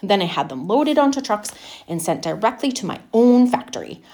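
A woman's voice: mid-range voice, very animated, moderate pace, a little mellow, lightly acted. A woman voicing a boastful middle-aged factory owner who spoils his daughter, talking in a chatty, bragging way.

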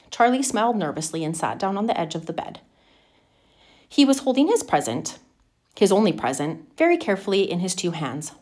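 Expressive woman reading a children's novel. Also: on the low side. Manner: expressive, animated narration. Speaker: reader.

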